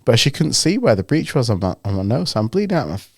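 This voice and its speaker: A man's voice: medium pitch, quick pace, gravelly, husky, dry recording, clean studio sound. A man co-hosting a podcast, telling a story in a casual chat and acting out the people he quotes. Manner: animated anecdote-telling, acts out the people he quotes. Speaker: podcast co-host.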